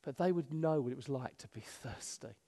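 A male pastor preaching a sermon in a church, animated, swinging between loud emphasis and hushed asides. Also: mid-range voice, brisk. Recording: long hall reverb.

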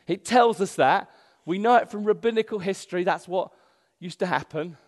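A male pastor preaching a sermon in a church, animated, swinging between loud emphasis and hushed asides. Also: sits high, moderate pace. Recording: long hall reverb.

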